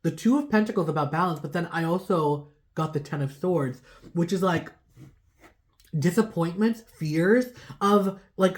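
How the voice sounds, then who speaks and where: A woman's voice: fairly low pitch, a little mellow. Rambling woman doing a tarot reading. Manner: rambling, many "like" fillers, laughs at herself. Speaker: tarot reader. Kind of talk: casual tarot reading to camera.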